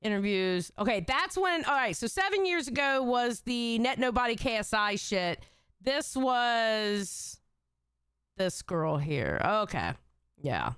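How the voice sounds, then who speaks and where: A woman's voice: fairly high pitch, very animated, slow, fairly bright tone, smooth, no room sound, clean studio sound. A woman streamer reacting to clips in a chatty way, exclaiming and swearing freely.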